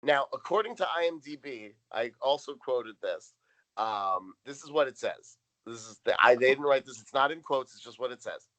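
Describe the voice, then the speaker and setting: Man rambling through bright-voiced notes. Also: mid-range voice, animated, moderate pace, low-quality recording. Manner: rambling, reads out notes with frequent ums. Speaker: podcast co-host. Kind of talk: casual chat recapping a sitcom episode.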